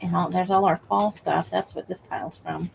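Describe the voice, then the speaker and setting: A woman's voice: lowish voice, fairly even intonation, moderate pace, gravelly, slight background noise, rough recording. A woman hosting a crafting livestream, chatting casually with viewers while she works and laughing often. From Nevada.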